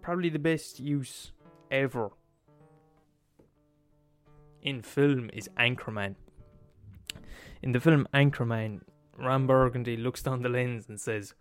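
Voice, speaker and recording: Male podcast host, mid-pitched, sweary comic rant with faint guitar music underneath. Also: a little slow, smooth. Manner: profane, emphatic, laughs at his own points. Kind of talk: comedic rant.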